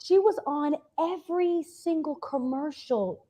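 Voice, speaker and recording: A woman from Miami co-hosting a casual talk show, chatty and animated as she tells a story. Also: high-pitched, measured pace.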